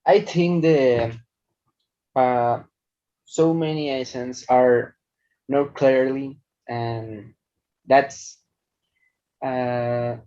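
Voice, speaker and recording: A man's voice: mid-range voice, fairly even intonation, extremely slow, long pauses, dark tone. A man answering interview questions hesitantly, searching for words and speaking casually. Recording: dull lo-fi recording.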